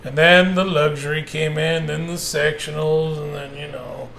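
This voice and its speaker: Gravelly man telling profane stories. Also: a little high, normal speed, slight background noise. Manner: profane, animated storytelling with acted quotes. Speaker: podcast co-host. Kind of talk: casual chat.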